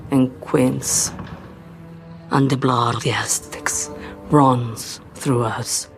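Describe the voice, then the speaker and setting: A defiant mother over loud music. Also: a bass voice, heavily acted. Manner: intense, whispered then rising to a shout. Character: defiant mother banishing a demon. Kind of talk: dramatic TV clip. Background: loud dramatic score.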